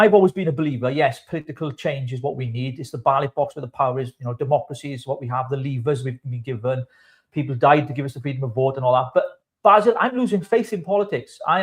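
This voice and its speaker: Man, rapid, high-pitched, angry political rant, stumbling restarts. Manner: angry, swearing, repetitive restarts. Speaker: co-host of political live stream. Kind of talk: heated political commentary.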